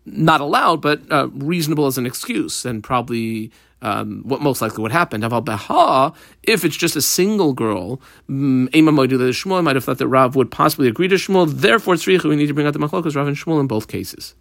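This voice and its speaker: Lively man teaching a Talmud lesson. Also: mid-range voice, fairly quick, creaky, no echo, clean studio sound. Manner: lively explanation mixing Aramaic phrases into casual English.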